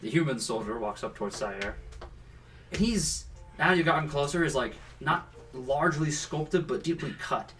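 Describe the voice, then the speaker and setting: A man's voice: on the high side, animated, moderate pace, a bit bright, far from the mic, faint music behind. A man narrating as game master of a tabletop game, describing scenes casually with many fillers.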